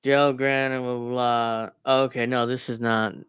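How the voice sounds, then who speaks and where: A man with a smooth, clear voice, chatting casually on a podcast. He hesitates and laughs a lot, and the recording is close and dry. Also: medium pitch, little pitch movement, measured pace, a bit bright, no echo. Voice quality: hesitant, lots of fillers and laughs. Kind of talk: casual chat.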